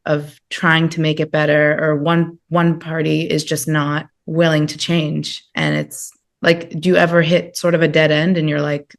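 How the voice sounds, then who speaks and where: A woman's voice: deep voice, level tone, normal speed, hardly any pauses. A woman hosting a podcast interview, asking thoughtful, searching questions. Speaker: podcast host.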